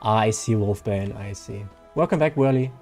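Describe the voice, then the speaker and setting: A man's voice: lowish voice, moderate pace, darkish tone, soft background music. A man, chatting casually and rambling to viewers while he streams a game. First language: German. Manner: rambling, chatty, reads viewer names aloud.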